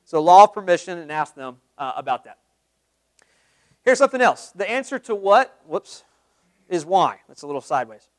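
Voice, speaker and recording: A man giving a live sales training talk to a group, energetic, quizzing the room with questions and acting out sample calls. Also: sits high, normal speed, long pauses, dry recording. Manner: acts out sample phone calls.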